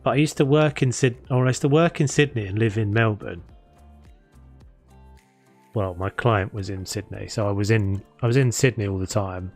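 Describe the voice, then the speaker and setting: A man's voice: on the low side, moderate pace, darkish tone. A man chatting casually while he plays a building game, rambling with many restarts. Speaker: gaming streamer. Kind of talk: casual chat while playing. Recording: faint music behind.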